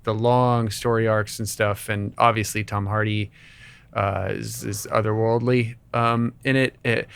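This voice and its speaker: A man's voice: mid-range voice, vocal fry, a bit bright, clean tone. A man co-hosting a film podcast, chatting enthusiastically and rambling with frequent restarts. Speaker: podcast co-host. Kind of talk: casual chat.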